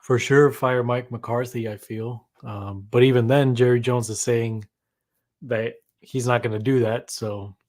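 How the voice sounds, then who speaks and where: A man co-hosting a casual sports chat, subdued and glum, pausing often with ums. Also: mid-range voice, steady tone, a little mellow. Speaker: podcast co-host.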